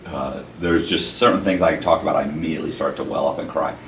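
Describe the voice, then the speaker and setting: A man with a very deep voice talks casually, in a wry, self-mocking way, and often lets his words trail off. He sounds distant from the mic, in a roomy space with echo. A low hiss runs underneath. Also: fast talker. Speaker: interview host. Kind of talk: casual interview chat. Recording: echoey room, mic at a distance, faint noise.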